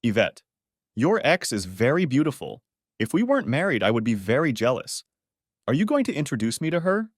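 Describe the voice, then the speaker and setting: A man's voice: medium pitch, sing-song, fairly quick, dry recording, studio quality, pitched above the performer's own voice. A man voicing a charming, confident young French wife who teases and persuades with poise. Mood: teasing.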